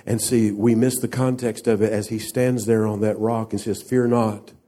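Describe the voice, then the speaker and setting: A man's voice: on the low side, flat delivery, moderate pace, mellow. A man preaching a sermon, speaking emphatically and asking the congregation rhetorical questions. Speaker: pastor.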